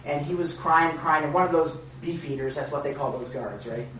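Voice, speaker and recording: A man's voice: fairly high pitch, brisk, fairly bright tone, dull audio, slight background noise. Man preaching in an echoey room. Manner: conversational, rambling with restarts and rhetorical "right?". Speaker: pastor. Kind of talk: sermon. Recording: echoey room, mic far off.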